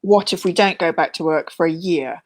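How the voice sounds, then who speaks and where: A woman's voice: fairly low pitch, moderate pace. A woman co-hosting a casual chat, telling chatty anecdotes with easy laughter. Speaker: co-host.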